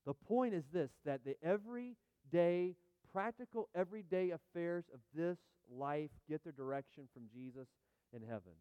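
A middle-aged male pastor preaching with animated emphasis, repeating phrases and turning often to the congregation. His voice is smooth, resonant and fairly high for a man, recorded close and dry. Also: moderate pace, no echo, muffled recording. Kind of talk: sermon.

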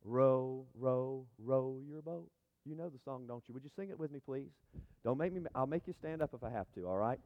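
A man preaching a sermon, emphatic and building to loud peaks as he speaks. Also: medium pitch, animated, quick pace. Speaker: pastor. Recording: dull sound, long hall reverb.

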